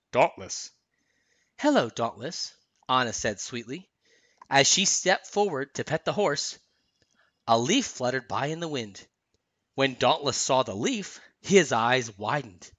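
A dad reads a children's story aloud, his voice swooping up and down in a sing-song way. His tone is bright and clear. The sound is dry and close to the mic. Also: on the high side, no echo. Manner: expressive, sing-song reading. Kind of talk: storybook read-aloud narration.

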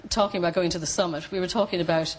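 An Irish woman, a guest on a television chat show, telling her story in an animated way and acting out the voices of people she quotes. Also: on the low side, racing, slightly rough, poor audio. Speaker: studio guest. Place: TV studio.

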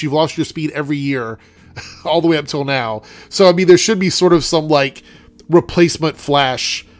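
A man's voice: on the high side, no room sound. A young man with a congested, nasal voice giving a chatty, rambling TV review full of fillers. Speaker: TV show reviewer. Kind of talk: casual rant and review.

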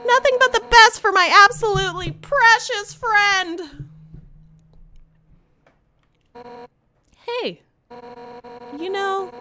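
A woman voicing a brash, fierce female fish-monster warrior captain from a game, loud and overeager. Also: very high-pitched, slight background noise, voice pushed up, heavily acted. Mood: gushing. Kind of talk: reading game dialogue aloud.

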